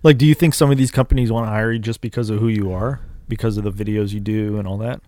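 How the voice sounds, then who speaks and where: Quick, low-voiced male interviewer. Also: fairly even intonation, mellow, no room sound. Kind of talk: casual interview chat.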